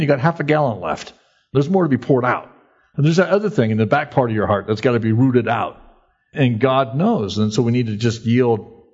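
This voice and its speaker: A man's voice: medium pitch, darkish tone, muffled recording. A man preaching a sermon in a conversational, folksy way, acting out quoted voices by raising his voice. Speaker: pastor.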